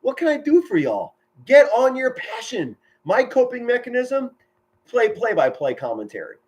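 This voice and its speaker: Man, middle-aged, high-pitched, amateur football play-by-play, excitable, yells big plays, chatty with viewers. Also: normal speed. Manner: enthusiastic, yells touchdown calls, chatty and sentimental with viewers. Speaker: amateur play-by-play commentator streaming live. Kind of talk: excited live football commentary and chat with viewers.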